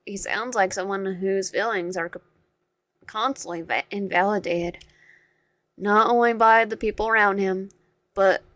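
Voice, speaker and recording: Brief: woman game streamer narrating a visual novel, self-correcting, mid-pitched voice, dry sound. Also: dry recording. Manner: stumbling, self-correcting reading. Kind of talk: reading a visual novel aloud.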